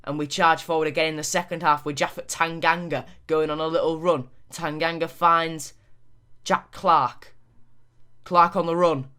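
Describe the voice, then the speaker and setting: Lively male video game commentator. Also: fairly high pitch, clean tone. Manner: lively match commentary, quick and animated. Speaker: gaming YouTuber.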